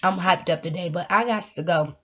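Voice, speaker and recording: A woman vlogger talking casually to her viewers about faith, animated and laughing, sometimes breaking into song. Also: on the low side, fairly quick, muffled recording. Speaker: vlogger giving spiritual encouragement. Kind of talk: casual faith talk to camera.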